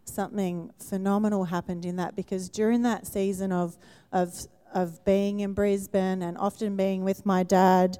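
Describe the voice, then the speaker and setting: Woman pastor, chatty sermon voice, mellow tone, long church-hall reverb. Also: medium pitch, level tone, normal speed, clean tone. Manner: warm conversational preaching with questions to the congregation. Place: church auditorium.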